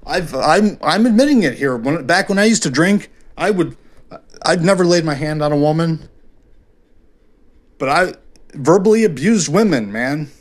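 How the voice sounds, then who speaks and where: A man's voice: fairly high pitch, lively intonation, normal speed, long pauses. Rambling, foul-mouthed man podcasting alone. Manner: rambling, heavy swearing, many fillers; self-deprecating and frank. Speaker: podcast host. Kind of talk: confessional solo podcast monologue.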